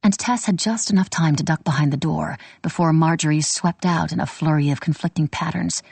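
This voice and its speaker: Husky, gravelly woman narrating. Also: sits low, no echo. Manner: measured, steady storytelling. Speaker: audiobook narrator. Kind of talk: scripted audiobook narration.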